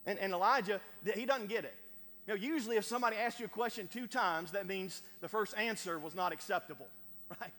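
A man preaching a sermon to a congregation, stammering over repeated words and building to loud emphatic peaks. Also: sits high, quick pace. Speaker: pastor. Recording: long hall reverb.

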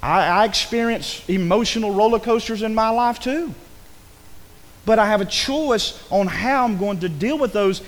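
Man, preacher, church sermon, high lively voice, conversational asides, long reverb. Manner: animated, conversational preaching with quick asides and acted quotes. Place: church sanctuary.

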